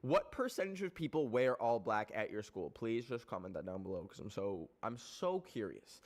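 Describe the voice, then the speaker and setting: A man's voice: fairly low pitch, moderate pace. Rambling, foul-mouthed young Canadian man. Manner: animated, rambling, heavy swearing and filler words. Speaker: streamer. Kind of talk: casual rant to a live chat.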